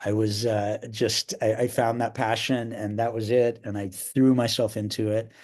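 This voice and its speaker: An older man speaks in a low register, unhurried and reflective. He restarts his phrases often and carries a slight cough from a tickle in his throat. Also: level tone, a little mellow. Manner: reflective, with frequent restarts and fillers. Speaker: theater director, guest. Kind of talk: podcast interview.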